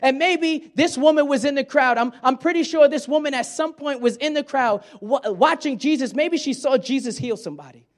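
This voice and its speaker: High-voiced man preaching a sermon. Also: moderate pace, hardly any pauses. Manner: conversational preaching, acts out quoted lines. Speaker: pastor.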